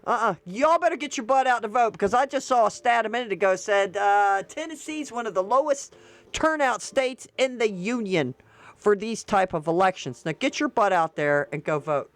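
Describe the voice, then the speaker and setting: Chatty, smooth-voiced woman vlogger. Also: mid-range voice, animated, moderate pace. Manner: chatty and rambling, with slang and frequent laughs. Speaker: political commentary vlogger. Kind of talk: casual chat to viewers.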